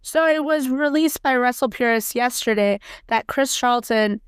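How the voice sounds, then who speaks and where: Raspy, profane woman ranting on a podcast. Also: fairly high pitch, moderate pace, no room sound, studio quality. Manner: blunt, profane, heated. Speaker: podcast host. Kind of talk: casual solo wrestling podcast rant.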